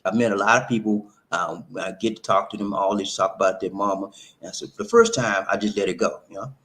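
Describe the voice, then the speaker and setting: A man's voice: on the low side, fairly quick. A man giving casual, preachy relationship advice, repeating himself and often calling the listener "man". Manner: animated, repetitive, preachy, says "man" often. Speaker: relationship talk host. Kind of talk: casual monologue to camera.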